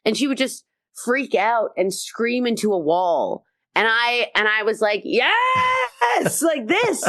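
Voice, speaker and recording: A woman comedian chatting as a podcast guest, telling animated stories and acting out quotes, swearing freely. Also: mid-range voice, measured pace, dry recording, studio quality. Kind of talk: casual podcast chat.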